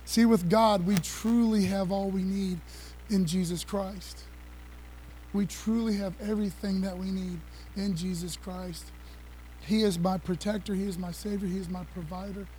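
A man preaching with a high, lifted voice, quick and excitable, tossing in laughs and casual asides to his church. A faint hum runs underneath. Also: low-quality recording. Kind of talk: energetic sermon with slides.

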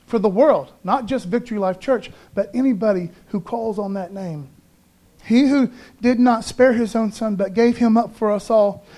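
A man's voice: sits high, darkish tone. A pastor preaching an Easter sermon, fervent and emphatic, calling out to his congregation and mixing in casual asides. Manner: conversational, peppers speech with "man".

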